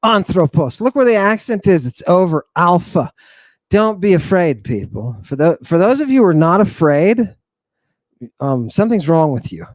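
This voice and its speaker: A man's voice: high-pitched, normal speed, no room sound. A man teaching an Ancient Greek lesson in a theatrical, teasing drill-sergeant manner. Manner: animated, teasing.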